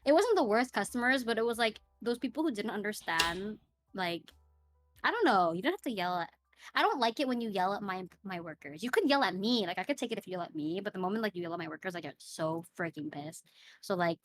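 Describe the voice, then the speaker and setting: A woman telling a story in a casual podcast interview, acting out the people in it with animated delivery. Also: medium pitch, fast, slight background noise. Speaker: podcast guest.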